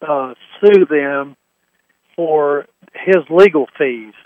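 A man's voice: a little high, very slow, no echo. A male caller asking a question on a call-in radio show, hesitant and plain-spoken. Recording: tinny phone line.

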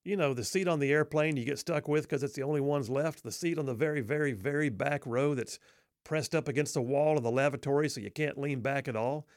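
A middle-aged man with a drawl tells a funny story on himself, folksy and wry. His voice sits at an ordinary pitch, recorded close and dry with no room around it. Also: brisk, dry recording. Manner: wry, self-deprecating, folksy. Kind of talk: humorous personal storytelling.

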